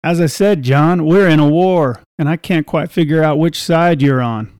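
A man's voice: fairly high pitch, normal speed, darkish tone, clear, resonant tone, no room sound, natural voice. A man voicing a cold, curt frontier horse thief who talks in short threats in a storybook reading. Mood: menacing.

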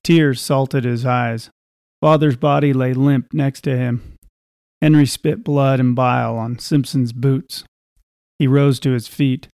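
A man reading a scripted story aloud in a measured, even way. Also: mid-range voice, creaky, no room sound, studio quality.

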